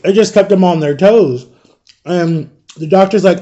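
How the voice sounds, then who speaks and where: A man in his thirties telling a personal story in a casual vlog, animated and acting out the people in it. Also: sits high, moderate pace, lo-fi sound. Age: 30s. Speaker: storytime vlogger.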